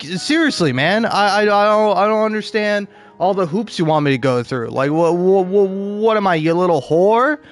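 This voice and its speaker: A man with a fairly high voice rants through a stream, stammering and cursing as he goes. Faint music plays behind him. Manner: profane, stammering, ranting. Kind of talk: ranting stream commentary.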